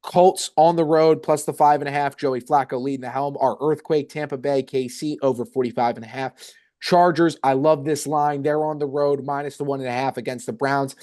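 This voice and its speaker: A young man co-hosting a casual sports betting podcast, rattling off picks quickly and energetically. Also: mid-range voice, fairly even intonation, darkish tone. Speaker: podcast co-host.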